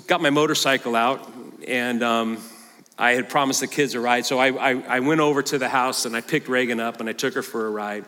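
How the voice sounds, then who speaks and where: An older man, a pastor, preaching a sermon and telling a story in an animated way, at times mimicking a squealing child. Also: medium pitch, in a large hall.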